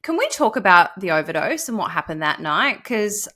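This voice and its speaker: Bright, lively woman host. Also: mid-range voice, moderate pace. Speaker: podcast host. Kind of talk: interview questions.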